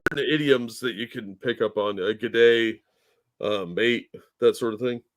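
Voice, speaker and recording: A man's voice: on the low side, a little fast, noisy background. A man co-hosting a casual podcast, easygoing, agreeable and joking. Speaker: podcast co-host.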